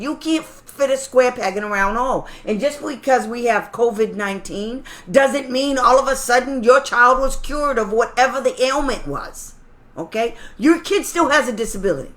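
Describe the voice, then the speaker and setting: A woman's voice: fairly high pitch, fairly bright tone. A middle-aged woman advising parents as a special education advocate, blunt, sarcastic and fiery in an informal talk.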